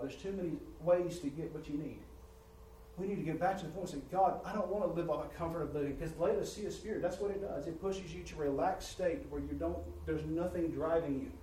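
A man preaching a sermon, rising in volume and pitch as he presses his points and often repeating words. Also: mellow, a little hiss or hum. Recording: roomy church sound from a distant mic.

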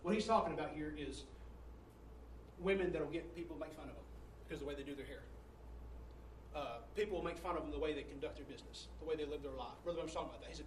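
A man preaching as pastor to his congregation, reading quotes slowly and loudly with a preaching cadence. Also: on the high side, slight background noise. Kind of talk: sermon. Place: church sanctuary. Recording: echoey church from far off.

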